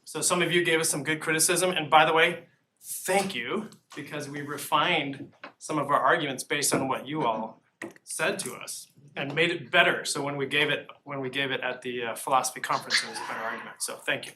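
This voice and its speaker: A man's voice: on the high side, brisk. A man giving a live philosophy lecture to students, joking and asking the audience questions. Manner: jokey, engaging, asks the audience questions. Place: lecture room. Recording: distant mic with faint noise.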